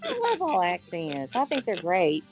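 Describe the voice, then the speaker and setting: A woman's voice: on the low side, wildly swooping pitch, normal speed, a little mellow, faint music behind. A woman from Texas chatting enthusiastically in a writers' discussion and thinking aloud as she talks. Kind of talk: casual chat.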